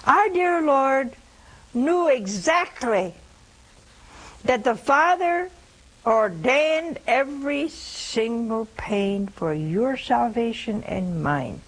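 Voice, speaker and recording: A woman's voice: on the high side, expressive, very slow, poor audio. A woman in her seventies giving a reflective sermon, dropping to a whisper at times. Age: 70s. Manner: reflective, drops to a whisper for quoted words. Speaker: preacher.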